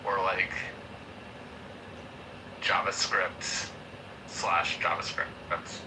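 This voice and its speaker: A man's voice: low voice, level tone, extremely slow, background noise. A man joining a casual podcast chat with wry, joking interjections.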